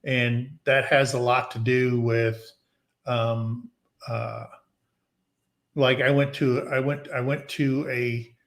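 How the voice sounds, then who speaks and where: A man's voice: medium pitch, little pitch movement, slow. A man in his sixties hosting a casual chat and telling a folksy story, acting out the dialogue.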